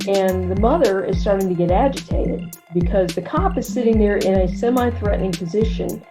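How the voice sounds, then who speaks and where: A woman hosts a casual podcast chat, telling a long story in an animated way and putting on the voices of the people in it. Music plays clearly underneath her. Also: mid-range voice, normal speed, few pauses. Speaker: podcast host. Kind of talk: casual conversation.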